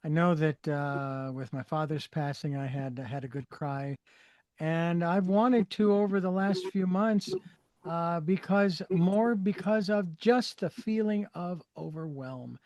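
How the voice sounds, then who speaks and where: A man's voice: a little high, unhurried, a little mellow, dry recording, dull audio. A male radio host interviewing a guest, speaking candidly and laughing at himself. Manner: candid, self-deprecating, laughs easily. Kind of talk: interview conversation.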